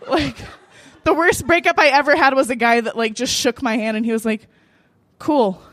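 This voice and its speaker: A woman's voice: high voice, fairly quick, no room sound. Give me a young American woman telling a profane, laugh-filled story at a cafe open mic. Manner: laughing often, profane, animated. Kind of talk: live personal storytelling.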